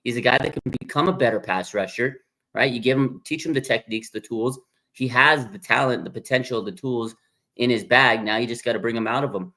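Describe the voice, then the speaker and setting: A man hosting a casual sports livestream, rambling excitedly and reading viewer comments aloud. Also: mid-range voice, a little fast. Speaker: sports podcast host.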